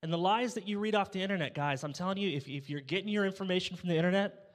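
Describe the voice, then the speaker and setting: A man's voice: sits high, rapid-fire. Young male pastor preaching with humor. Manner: humorous storytelling, acts out dialogue. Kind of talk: sermon. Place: church sanctuary. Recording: church hall reverb.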